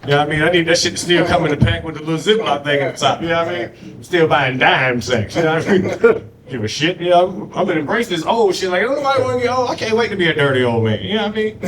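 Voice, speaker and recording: A man's voice: on the high side, lively intonation, fast talker, a bit bright, a little hiss or hum. A man doing a loose, profane stand-up comedy set on a club stage, working the crowd. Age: adult with a grown daughter.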